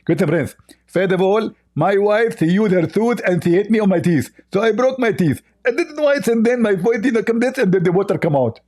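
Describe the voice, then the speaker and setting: A man's voice: high-pitched, animated, a little fast, darkish tone, voice pushed up. A man voicing a mocking caricature of a male Muslim debater, whiny, indignant and exaggerated.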